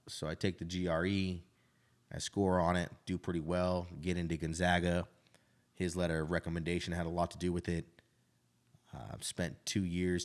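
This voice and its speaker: A deep-voiced restaurant owner in his thirties from Idaho tells his life story in a frank, casual conversation, often tacking on "right?"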